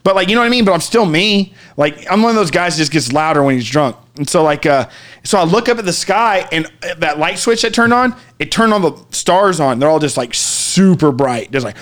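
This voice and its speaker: Male storyteller, a bit high-pitched, casual and animated, breaks into shouts. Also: brisk. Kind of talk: casual podcast chat.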